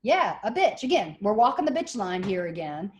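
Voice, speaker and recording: A middle-aged woman giving a classroom lecture, telling stories and acting out the people she quotes in lively voices. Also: mid-range voice, normal speed. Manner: animated, acts out quoted voices. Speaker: college lecturer.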